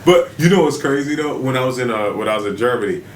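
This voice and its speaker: Man, co-host, casual slangy chat, very lively pitch, echoey room. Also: fast. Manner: laid-back, animated, slangy. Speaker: podcast co-host. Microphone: streamed live podcast mic. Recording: roomy with faint background noise.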